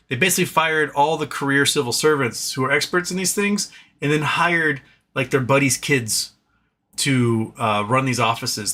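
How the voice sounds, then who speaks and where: A man's voice: medium pitch, pushed and bright. A man hosting a political livestream, ranting with exasperated sarcasm, swearing and restarting his sentences. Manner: exasperated, sarcastic, swears, mocks opponents with put-on quotes; fillers and repeated restarts.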